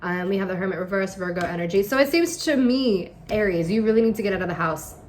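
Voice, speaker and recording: A woman reads tarot cards in a casual, unscripted way. She speaks straight to the listener and coaxes them along, often checking in with a quick "okay?". Her voice sits at a middle pitch. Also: expressive, a little hiss or hum. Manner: direct, coaxing, tags lines with okay and all right. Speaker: tarot reader.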